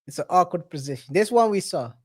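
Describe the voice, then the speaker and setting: Guy cohosting a podcast, high voice bouncing all over, keeps tripping on his words. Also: lively intonation. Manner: halting, repeats words, laughs easily. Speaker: podcast co-host. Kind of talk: casual chat.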